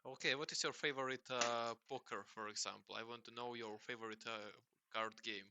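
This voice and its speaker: A man chatting casually with hesitant, halting speech full of fillers and repeats. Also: mid-range voice, fairly even intonation, background noise. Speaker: host questioning a chatbot. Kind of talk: casual chat.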